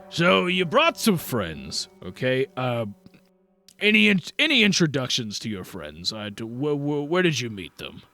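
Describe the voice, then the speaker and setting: A man voicing a grumpy, suspicious male workshop owner in a tabletop game, shouting in a raised voice. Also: medium pitch, wildly swooping pitch, unhurried, soft background music, exaggerated voice. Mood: grudging.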